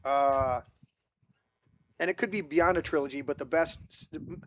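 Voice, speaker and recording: A man's voice: fairly high pitch, moderate pace, fairly bright tone, slight background noise. A man hosting a casual movie podcast, rambling through stories with many restarts and acting out quotes. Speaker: podcast host. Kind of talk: casual group chat about movies.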